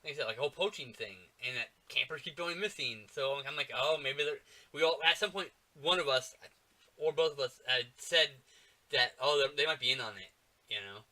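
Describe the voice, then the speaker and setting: A man co-hosting a casual movie-review podcast, animated and swearing often, with lots of fillers. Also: a little high, moderate pace. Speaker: podcast co-host.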